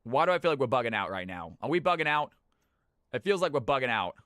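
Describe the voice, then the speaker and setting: A man from California hosting his stream's viewer games, chatting casually with his viewers, brisk and swearing freely. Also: mid-range voice, very animated, a bit bright, smooth, dry recording, clean studio sound. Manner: brisk, swears, talks to chat. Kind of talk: casual live-stream chat.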